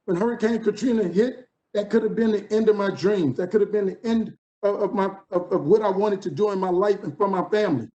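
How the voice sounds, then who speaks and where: A man's voice: high voice, fairly quick, hardly any pauses, warm tone, lo-fi sound. A man in his fifties from New Orleans with a New Orleans accent, giving a motivational keynote with rhythmic, preacher-like repetition. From New Orleans, USA. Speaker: conference keynote speaker. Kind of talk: motivational speech.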